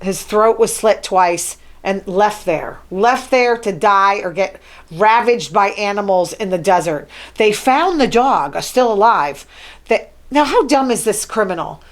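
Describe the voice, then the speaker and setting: A woman's voice: medium pitch, lively intonation, measured pace. Chatty woman riffing on news notes. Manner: chatty, wry asides while reading news notes. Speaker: show host. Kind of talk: casual solo talk show monologue.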